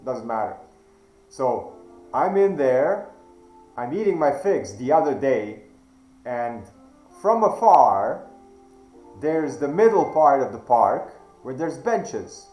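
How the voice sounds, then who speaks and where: A man, not a native English speaker, telling a personal story slowly and deliberately, with hesitant restarts. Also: mid-range voice, big pitch swings, warm tone, echoey room, faint music behind, low-quality recording. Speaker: channel host. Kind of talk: reflective storytelling monologue.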